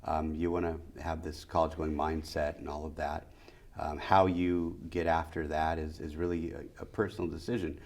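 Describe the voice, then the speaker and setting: Middle-aged man, deep voice, emphatic guest answering interview questions, repeats his points in rhythmic lists. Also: flat delivery, normal speed, a little mellow. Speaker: school district superintendent.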